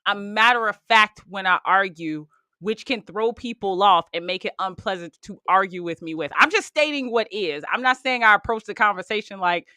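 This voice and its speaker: A woman hosting a podcast in casual chat, telling stories in a matter-of-fact, animated way. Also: medium pitch, moderate pace, no room sound, clean studio sound. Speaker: podcast host.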